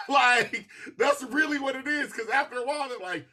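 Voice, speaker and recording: A man hosting a podcast in casual chat, telling stories with lots of laughter and animated asides. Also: very high voice, normal speed. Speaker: podcast host.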